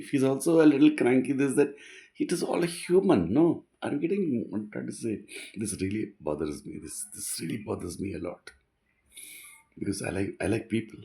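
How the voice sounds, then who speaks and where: A man's voice: medium pitch, gravelly, warm tone. A man giving an earnest, rambling reflective monologue, often restarting his sentences.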